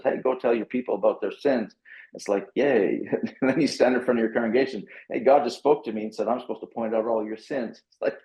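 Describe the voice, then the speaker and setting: Man recounting scripture in a roomy echo. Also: medium pitch. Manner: lively, self-mocking, acts out his own reactions. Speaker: pastor and author, guest. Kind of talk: animated conversational storytelling, reading scripture aloud.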